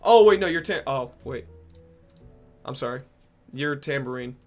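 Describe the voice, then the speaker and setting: A young man streaming casually, reading out and answering chat messages, joking and swearing with sudden loud outbursts. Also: mid-range voice, lively intonation, measured pace, soft background music.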